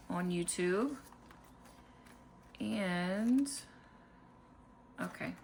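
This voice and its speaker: Slow, calm woman budgeting vlogger. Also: fairly low pitch, a little hiss or hum. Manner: calm, unhurried, counting money aloud. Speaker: budgeting channel host. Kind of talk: casual cash-stuffing vlog narration.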